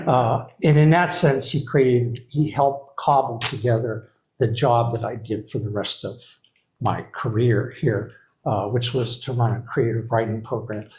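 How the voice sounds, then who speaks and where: A man's voice: mid-range voice, unhurried, a little mellow. Older guy rambling through memories at a memorial, lots of uh's, roomy echo. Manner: rambling, hesitant, with many uh fillers and restarts. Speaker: former creative writing program director. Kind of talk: memorial remarks to an audience. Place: hall with a live audience. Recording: echoey room.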